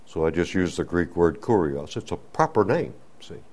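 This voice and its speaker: A man preaching a sermon, teaching slowly and deliberately, building to emphatic swells on key words. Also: deep voice, sing-song, a little mellow.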